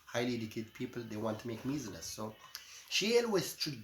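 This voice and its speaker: A middle-aged man rants at length, swinging between forceful outbursts and muttered asides. His medium-pitched voice bounces around a roomy, echoing space with a faint hum of ambience behind him. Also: sing-song, brisk. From Eritrea. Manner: ranting, repeats "my friend", swings loud and soft. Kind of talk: impassioned monologue. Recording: echoey room with faint ambience.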